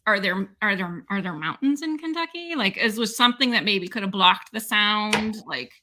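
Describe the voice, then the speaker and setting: A woman's voice: medium pitch, expressive, moderate pace, noisy background. A woman co-hosting a podcast in casual chat, rambling and hedging as she thinks aloud. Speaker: podcast co-host.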